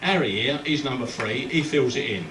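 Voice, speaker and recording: A man playing his dim-witted grown brother, a former boxer, in a matter-of-fact, slow-witted way. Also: mid-range voice, animated, fairly bright tone, close to an everyday voice. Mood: deadpan. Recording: roomy, distant live club recording with background noise.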